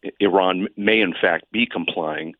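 Low-voiced man on a tinny phone line. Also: measured pace, no echo. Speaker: guest analyst. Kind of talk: phone-in interview.

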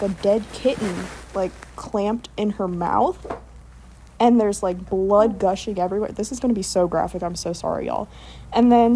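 Young woman podcaster rambling thru a spooky story, lots of "like", mid pitch. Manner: animated storytelling, many fillers. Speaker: podcast co-host. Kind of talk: casual chat.

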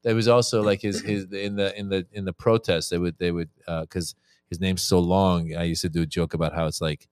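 A man's voice: low-pitched, a little fast, smooth, dry recording. Comedian guy chatting on a podcast, acts out the quotes, dry close sound. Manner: animated storytelling, acts out quotes. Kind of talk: casual chat.

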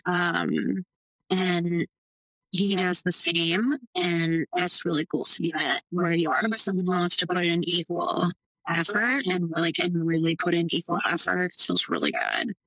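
A woman's voice: on the low side, lively intonation, a little slow, fairly bright tone, breathy edge, no echo, low-quality recording. A young woman talking casually as a podcast guest, chatty, with lots of fillers and laughs. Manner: chatty, many likes and laughs. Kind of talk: casual interview chat.

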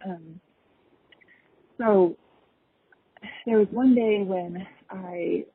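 Young woman, husky voice, halting heartfelt story, phone-quality sound. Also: medium pitch, no room sound. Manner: halting and emotional, many pauses and fillers. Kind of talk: personal story. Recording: tinny phone-like recording.

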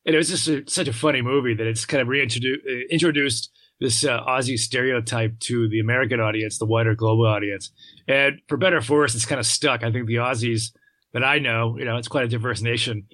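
A man's voice: medium pitch, steady tone, brisk, fairly bright tone, dry recording. A man speaking as a guest on a podcast, telling easygoing anecdotes in casual chat.

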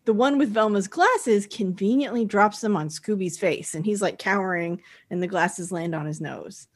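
A woman's voice: medium pitch, normal speed. A woman with a mid-range voice, co-hosting a podcast and retelling a cartoon plot. She chats casually and leans on "like" as she talks. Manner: storytelling recap, chatty, with many "like"s. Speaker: podcast co-host. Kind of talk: casual chat recapping a cartoon episode.

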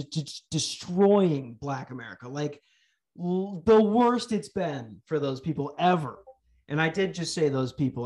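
Young male podcast host, profane sarcastic rant style. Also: high-pitched. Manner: swearing, ranting, sarcastic.

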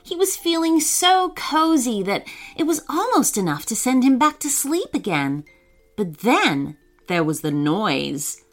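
A woman narrating a children's story in a gentle, expressive way, voicing the children as she goes. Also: on the high side, unhurried, faint music behind.

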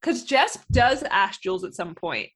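A woman's voice: mid-range voice, big pitch swings, normal speed, fairly bright tone, slightly rough. A young woman hosting a podcast, chatting casually with lots of fillers. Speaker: podcast host. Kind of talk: casual chat.

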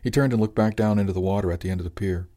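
A man narrating an audiobook chapter in a calm, even storytelling manner. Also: fairly low pitch, very fast.

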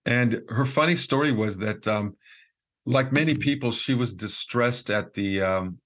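A man's voice: medium pitch, a little slow. A man who is a podcast guest, telling a story casually, with lots of fillers and acted-out quotes. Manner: lively storyteller with frequent fillers and quoted dialogue.

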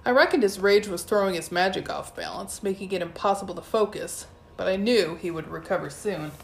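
A woman reading a first-person adventure story aloud with lively storytelling. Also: medium pitch, brisk, slight background noise. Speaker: audiobook narrator. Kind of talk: first-person audiobook narration.

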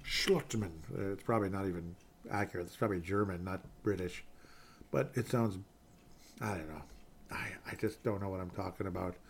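A man's voice: deep voice, fairly even intonation, brisk, a little hiss or hum. A man hosting a casual sports talk stream, reading viewer comments and rambling through self-mocking asides. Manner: rambling, self-deprecating, drops to mumbling asides.

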